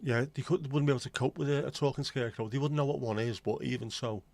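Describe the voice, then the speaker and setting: A man's voice: medium pitch, fairly even intonation, fast, creaky, darkish tone, no echo. A man in his forties from England, chatting casually as a livestream host, opinionated and blunt, rambling from one aside to the next. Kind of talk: casual chat.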